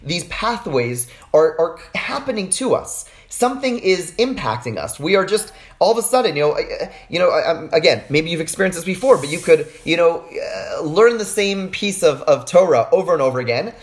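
A woman teaching a Torah text in an earnest, conversational way. Her voice sits a little low for a woman, and she often restarts her sentences and slips in asides as she explains. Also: expressive, moderate pace. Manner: earnest, conversational, frequent restarts and "you know". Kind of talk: casual Torah lesson.

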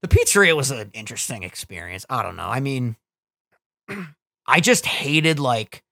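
A man's voice: medium pitch, big pitch swings, moderate pace, creaky, pushed and bright. A young man in casual podcast chat, swearing freely and acting out little scenes from his old pizzeria job.

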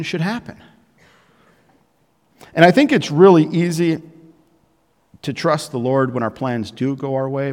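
Male pastor, mid-pitched, preaching in a church with a long hall echo. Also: a little mellow. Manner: preaching with rising emphasis and pauses, addressing the congregation. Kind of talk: sermon. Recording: echoey hall with long reverb.

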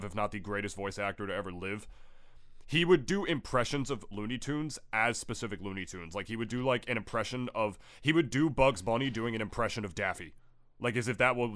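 A man's voice: on the low side, quick pace, a bit bright. A man who co-hosts a podcast and works as a voice actor, chatting casually, emphatic and enthusiastic and swearing freely. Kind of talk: casual chat.

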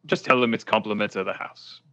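A man's voice: fairly low pitch, fairly even intonation, a little fast, bright, forceful tone. A man playing in a tabletop role-play, hesitant and playful, with many fillers. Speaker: player.

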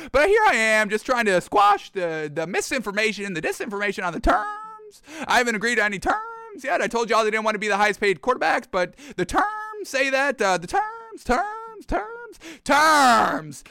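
A man's voice: very high-pitched, vocal fry, bright, forceful tone, no room sound, clean studio sound, heavily acted. A man doing a sing-song, mocking impression of a smug, evasive star quarterback.

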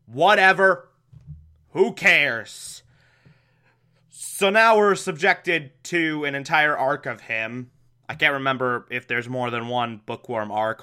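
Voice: medium pitch, sharp tone, smooth. A reviewer recapping an old TV episode in casual, sarcastic, exasperated commentary. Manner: sarcastic, exasperated, bursts into laughter.

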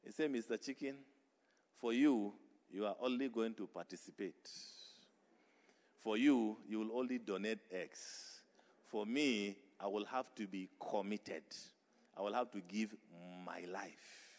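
Patient cow, man voicing a slow grave voice, low and measured, echoing hall. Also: darkish tone, natural voice. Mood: calm resolve. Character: patient, prayerful cow, calm and deliberate. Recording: reverberant hall.

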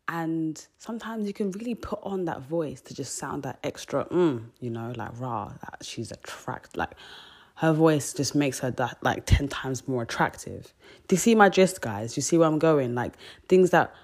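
A young woman with a notably low voice chats on her podcast. Her talk is frank and loose, full of slang and filler words. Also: expressive, normal speed, darkish tone. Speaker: podcast host. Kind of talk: casual chat.

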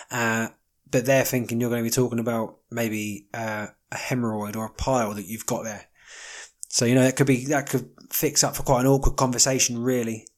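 A man hosting a casual solo podcast, rambling with wry jokey asides and plenty of ums. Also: medium pitch. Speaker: podcast host.

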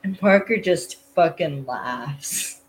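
A woman with a notably low voice that swoops up and down, hosting a casual podcast. She recaps in a relaxed, chatty way and laughs often. Faint noise sits behind her. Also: slow pace, poor audio. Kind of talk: casual chat, recapping an episode.

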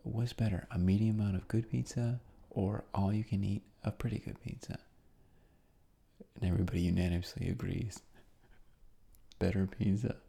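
A man with a low, mellow voice full of vocal fry talks through a sleep podcast recap. His tone is very breathy and husky, relaxed and rambling, and it often sinks to a whisper. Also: fairly quick. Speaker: podcast host.

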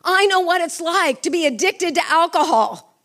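A woman's voice: very high-pitched, lively intonation, moderate pace, a bit bright. A middle-aged woman preaching a sermon with fervor, asking the congregation questions. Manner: fervent, asks the congregation questions.

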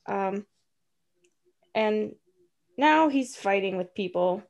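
A woman casually retelling a film plot, tossing in quick offhand voices for the characters. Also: medium pitch, creaky, darkish tone. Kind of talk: casual chat.

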